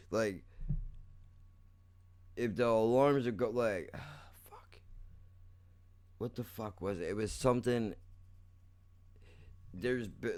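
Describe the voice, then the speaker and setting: A man's voice: fairly low pitch, clean tone. A young man hosting a casual solo podcast, rambling and self-mocking, swearing often and calling the listener "dude.". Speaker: podcast host.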